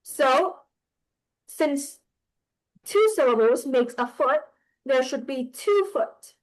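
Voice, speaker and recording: A woman teaches poetry to a class in a high, light voice. She talks slowly and haltingly, pausing often and restarting her sentences as she works through an explanation. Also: lively intonation, rough recording. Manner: hesitant, with frequent pauses and restarts.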